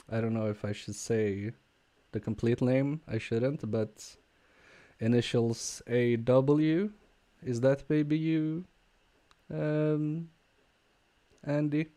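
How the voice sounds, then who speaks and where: A man casually chatting with viewers on a live stream while repairing a game controller, talking haltingly with fillers and restarts. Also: mid-range voice, steady tone, warm tone. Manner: halting, many fillers and restarts, chuckling asides. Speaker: repair livestreamer.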